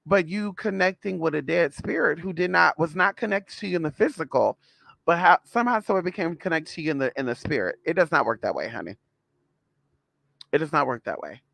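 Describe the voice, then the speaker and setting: A man's voice: a little high, vocal fry, a bit bright, no room sound. A man telling a story to his viewers in a sassy, blunt, casual way, calling them girl and honey. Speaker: spiritual vlogger.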